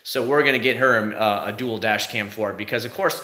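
Animated storytelling dad in an echoey room. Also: male voice, fairly low pitch, fairly quick. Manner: animated storytelling with acted-out quotes. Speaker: car vlogger. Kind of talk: casual chat.

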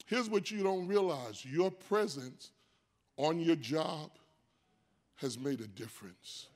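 An older man pastor preaching a sermon in a distinctive high voice, rising into shouted, sing-song preaching. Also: lively intonation, slow. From United States. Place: church sanctuary.

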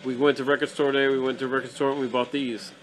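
A young man hosting an absurdist comedy show, swinging from manic yelled bursts to mumbled asides. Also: mid-range voice, little pitch movement, fast talker. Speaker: host.

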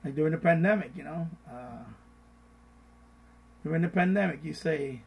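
A middle-aged man talks casually about investing on a live stream, repeating himself for emphasis. His voice sits fairly high, with a gravelly, husky edge. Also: normal speed, long pauses, rough recording. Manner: repetitive, animated, mocks panicked voices. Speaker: finance live-stream host.

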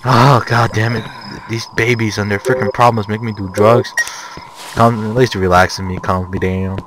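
A man giving jokey, panicky commentary while playing a horror game, often breaking into shouts. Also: lowish voice, fairly even intonation, moderate pace, background noise. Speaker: let's play gamer. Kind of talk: gameplay commentary.

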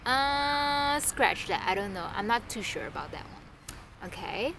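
Woman, casual home vlog lesson, unhurried delivery, repeats each word, light background hiss. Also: on the high side. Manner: relaxed, thinks aloud, repeats words slowly. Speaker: language teacher vlogger.

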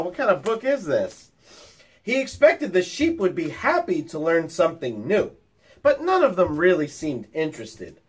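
Lively man reading a story to children. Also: fairly high pitch, husky. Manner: animated, chatty asides to young children. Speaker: teacher reading a picture book to children. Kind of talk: storytime read-aloud.

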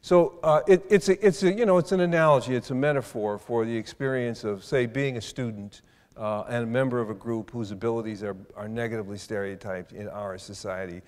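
A man's voice: mid-range voice, darkish tone. An older man giving a university lecture, thoughtful, with many restarts and hesitations. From South Side of Chicago. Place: lecture hall. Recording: reverberant lecture hall.

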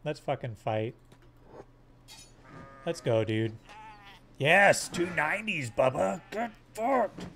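A man's voice: on the high side, expressive, slow pace, gravelly, long pauses, a bit bright, slight background noise. Crude joking male game streamer. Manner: crude, joking, swears often; hums silly sound effects. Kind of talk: live gameplay commentary.

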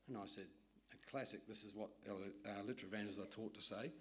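A man, a literature evangelist, telling a lively anecdote in a sermon with asides to his listeners. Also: lowish voice, fast talker. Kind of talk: storytelling sermon.

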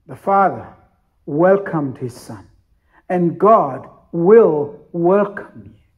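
A man's voice: on the high side, expressive, takes it slowly, husky, phone-quality sound. A man preaching a sermon as pastor, telling the story emphatically with repeated phrases.

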